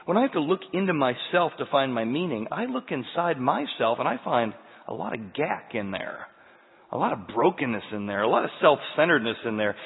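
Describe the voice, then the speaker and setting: A man's voice: medium pitch, lively intonation, brisk, breathy edge. A man preaching a sermon in an emphatic way, asking the listeners many rhetorical questions. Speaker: pastor. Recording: tinny, phone-like sound with long hall reverb.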